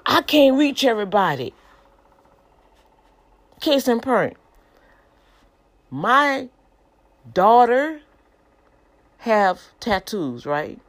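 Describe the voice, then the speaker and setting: A middle-aged woman, preaching in a casual, animated way and calling her listeners y'all. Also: a little high, very slow, long pauses. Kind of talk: informal preaching broadcast.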